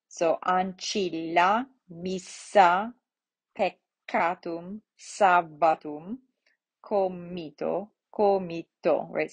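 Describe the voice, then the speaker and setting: Female Latin teacher, husky voice, patient step-by-step explainer, unhurried. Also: on the low side, darkish tone. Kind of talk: relaxed spoken lesson.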